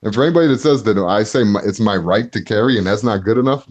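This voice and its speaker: A low-pitched man hosts a loose, profane podcast chat. He laughs often and gets worked up when he talks. The audio is dull and lo-fi. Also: quick pace, a little mellow. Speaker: podcast host reading chat.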